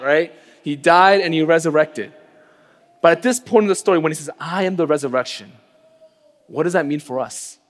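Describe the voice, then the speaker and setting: A man preaching a sermon as pastor, earnest, sinking to a hushed low voice on grief and rising sharply for emphasis. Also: long reverb tail.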